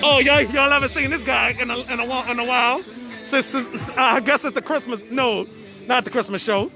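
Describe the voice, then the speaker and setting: Fairly quick and high-pitched, an online show host gives casual live-stream commentary at an outdoor family party, stammering and repeating words. Music and a chattering crowd fill the background of this phone recording.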